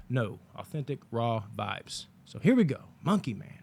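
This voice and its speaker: A man's voice: mid-range voice, big pitch swings, moderate pace, vocal fry, few pauses, a little mellow. A man casually reviewing a movie on his vlog, telling long stories in a rambling, profane way with lots of fillers.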